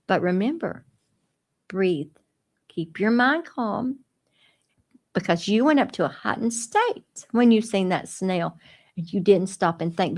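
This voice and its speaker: A woman talking slowly and gently to children on a radio show, soothing and coaxing like a patient teacher. Her voice sits fairly high, and she takes her time with every phrase. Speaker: dog trainer and show host.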